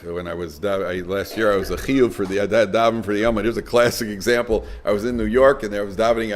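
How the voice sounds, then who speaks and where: A middle-aged man, a rabbi lecturing a live audience, telling stories lively and acting out dialogue. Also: fairly low pitch.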